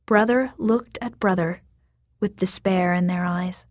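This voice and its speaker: A woman narrates a storybook in a soft, measured voice that now and then sinks to a whisper. Her voice sits somewhat low. The sound is dry and close, with no room echo. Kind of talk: storybook reading.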